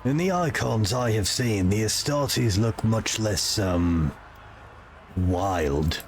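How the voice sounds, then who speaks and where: A man streaming a video game, chatting casually and reading game text aloud with dramatic pauses. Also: on the low side, expressive, soft background music.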